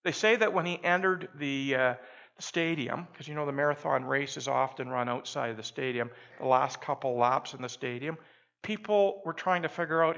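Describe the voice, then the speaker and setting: A man's voice: medium pitch, moderate pace, vocal fry, a bit bright. A male pastor preaching a sermon, telling a story emphatically and leading the congregation to repeat his words before he prays. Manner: emphatic storytelling that builds to calls for the congregation to repeat after him. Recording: dull lo-fi sermon recording.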